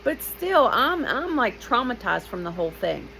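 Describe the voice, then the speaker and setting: A woman in her fifties telling a personal story in a lively, blunt way, with emotional asides to the listener. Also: a little high, normal speed, creaky, a little hiss or hum, rough recording.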